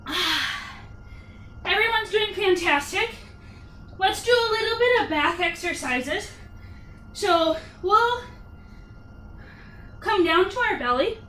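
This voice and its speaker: A woman with a very high voice leads a sculpt yoga flow, calling out counts and upbeat encouragement. She sounds winded as she cues the moves at an unhurried pace. She is picked up from a distance in an echoey room. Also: expressive, bright, forceful tone, slight background noise. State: out of breath. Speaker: yoga instructor. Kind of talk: cueing a workout class.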